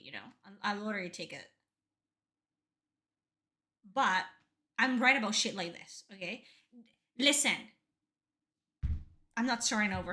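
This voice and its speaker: A woman's voice: mid-range voice, sharp tone. A young woman streaming a game reaction, talking bluntly and emphatically with heavy swearing.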